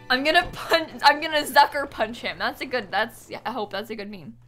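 A woman's voice: sits high, a bit bright. A young woman chatting on a live stream while gaming, giggly and apologetic, thanking viewers as she plays.

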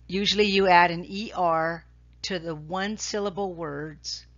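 A woman's voice: fairly low pitch, fairly bright tone, dull audio. A woman teacher talking through grammar slides in a recorded lesson, patient and repetitive, checking in with "okay?". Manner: slow, patient, repeats key points with "okay?".

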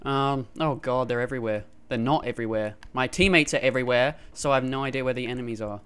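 A man calling his own match live over a gaming headset, his voice smooth and resonant. He gets excitable and yelps or laughs whenever a fight breaks out. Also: medium pitch, fast talker. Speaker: gamer. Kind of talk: live gameplay commentary.

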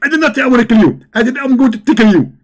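A man putting on a shrill, excitable preacher. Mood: mocking. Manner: rapid, shrill, childish boasting. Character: excitable, boastful male preacher, middle-aged.

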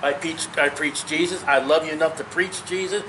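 Earnest and emphatic, a man in his fifties preaches conversationally during a Bible study, speaking to his listeners directly and personally. His high voice holds a steady tone and moves a little fast, with faint noise in the recording.

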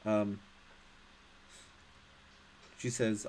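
A man runs a tabletop game session, narrating slowly and haltingly, his speech crowded with fillers and restarts. His voice sits low, and a faint noise hum lies under the recording. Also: steady tone, darkish tone, rough recording. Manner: hesitant, many fillers and restarts. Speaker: game master.

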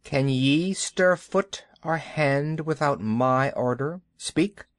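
A man voicing a giant male python in a children's audiobook, drawn-out and commanding. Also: no room sound, studio quality. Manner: drawn-out, commanding, high and slow. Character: hypnotic giant male python, slow and menacing. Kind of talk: audiobook character voice.

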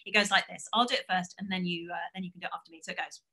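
A woman teaching a song to children, speaking in an energetic, sing-song way. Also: on the low side, very fast. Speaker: singing teacher. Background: piano.

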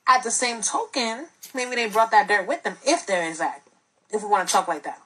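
A woman speaks on a talk show like a teacher, earnest and lecturing. Her voice is slightly husky and mid-pitched, and she leans on rhetorical questions. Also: animated, a little fast, sharp tone, low-quality recording. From the Bronx, New York.

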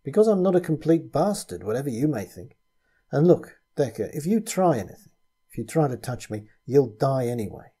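A man reading as a blunt, pragmatic rogue who talks in a matter-of-fact way. The voice is dark and mellow with a husky grain. It sounds like a storybook reading. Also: medium pitch, sing-song, a little fast, pitched above the performer's own voice. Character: blunt, pragmatic one-handed adult man.

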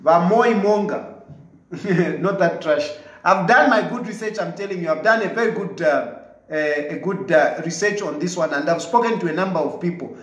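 Forceful high-voiced Zambian man. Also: a little fast, echoey room, rough recording. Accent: Zambian English. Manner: emphatic, combative, repeats his points. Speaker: commentator answering viewers' comments. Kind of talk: live commentary replying to viewer comments.

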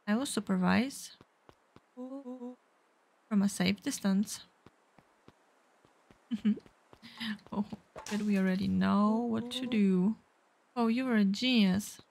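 A woman's voice: medium pitch, steady tone, measured pace, gravelly, a little mellow. A woman casually reading game dialogue aloud as a let's play host, with fillers.

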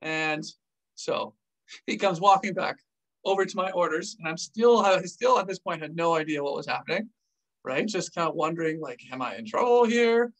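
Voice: medium pitch, moderate pace, far from the mic, rough recording. A former army officer telling a war story on a vlog, acting out the scenes with gestures. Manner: animated, acts scenes out with gestures.

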